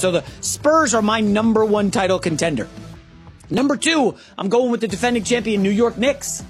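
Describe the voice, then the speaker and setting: An animated male sports radio host rattles off opinions in a chatty monologue, his pitch swinging up and down. He stumbles through fillers and restarts, and soft music sits faintly behind him. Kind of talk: sports talk show monologue.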